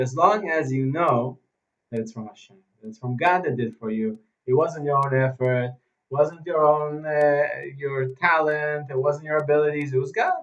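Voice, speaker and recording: A man teaching an informal religious lesson as a rabbi, telling stories and repeating phrases for emphasis. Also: fairly high pitch. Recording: dull, muffled recording.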